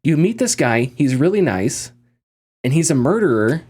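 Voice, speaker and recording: A man with a slightly high voice talks through a story in casual podcast chat. He rambles, restarts his phrases and keeps the energy up. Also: moderate pace, slightly rough. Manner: animated, rambling, frequent restarts and laughs. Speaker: podcast host.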